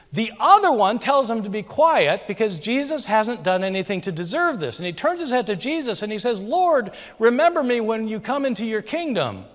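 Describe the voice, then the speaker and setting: A man giving an emphatic, animated opening statement in a formal debate. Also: very high voice. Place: lecture hall. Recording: reverberant hall.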